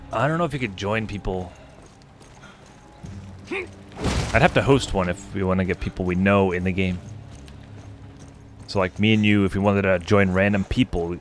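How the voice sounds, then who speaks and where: A man streaming a co-op game, chatting casually and rambling to his co-player while he plays. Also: lowish voice. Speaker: gaming streamer. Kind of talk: casual gameplay commentary.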